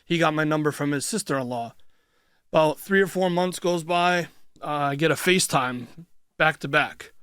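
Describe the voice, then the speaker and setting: A man being interviewed in a radio studio, telling a story bluntly in quick, clipped phrases and swearing freely. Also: on the high side, a bit bright, clear, resonant tone, no room sound. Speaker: interview guest. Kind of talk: casual storytelling. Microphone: studio microphone.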